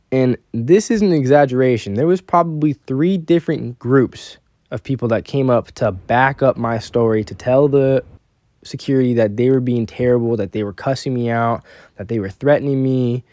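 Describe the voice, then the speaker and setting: A man's voice: medium pitch, no echo. Young man telling a story, dry close sound. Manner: animated, quotes people in his story. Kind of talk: casual storytime monologue.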